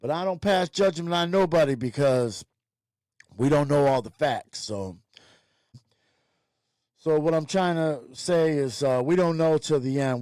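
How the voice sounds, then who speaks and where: A man's voice: mid-range voice, darkish tone, no echo. Brief: profane, rambling male host ranting bluntly, dry close sound. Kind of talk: ranting commentary.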